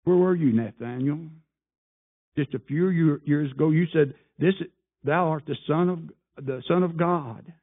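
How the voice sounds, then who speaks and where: A man preaching a sermon, firing off rhetorical questions and swinging between loud appeals and hushed asides. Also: on the high side, unhurried. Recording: tinny phone-like sound.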